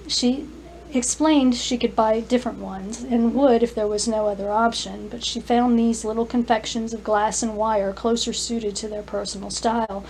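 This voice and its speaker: A woman author reading her own fantasy story aloud, careful and clear, with small restarts. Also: on the high side, steady tone, normal speed, darkish tone, slight background noise, poor audio. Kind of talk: scripted narration, story reading.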